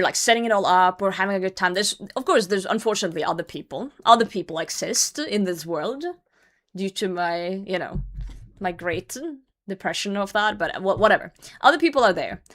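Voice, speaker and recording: A young adult woman telling a story to her stream chat in a casual, animated way, swearing freely and sometimes trailing off into mumbles. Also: mid-range voice, a little fast. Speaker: livestreamer.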